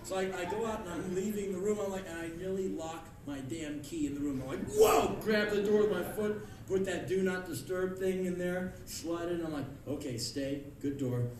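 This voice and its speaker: Animated male spoken-word storyteller, high, lively voice, echoey club miked from afar with crowd. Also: a little fast, few pauses. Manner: animated, bursts into yelling and acted-out screams. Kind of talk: live comic storytelling. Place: live club stage before an audience. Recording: echoey club heard from far off, with crowd and noise.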